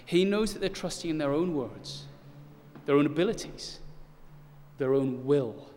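Male preacher, 30s, fairly high voice, earnest with a wry streak; long echo of a church. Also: expressive, a little slow, darkish tone, a little hiss or hum. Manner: earnest, rises to urgent emphasis, with light self-deprecating humor. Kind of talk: sermon. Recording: long hall reverb.

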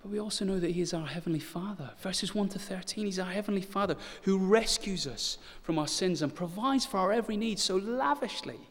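Male preacher, 30s, fairly high voice, earnest with a wry streak; long echo of a church. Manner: earnest, rises to urgent emphasis, with light self-deprecating humor. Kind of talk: sermon. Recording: long hall reverb.

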